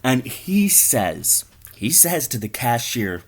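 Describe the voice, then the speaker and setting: A man's voice: medium pitch, big pitch swings, takes it slowly, husky. A man telling an improvised comic story in a rambling, profane, offhand way.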